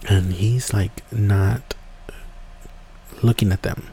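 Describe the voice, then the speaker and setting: A man's voice: on the low side, steady tone, slow pace, creaky, warm tone, husky. A man hosting a podcast, telling a story casually with many fillers and restarts. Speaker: podcast host.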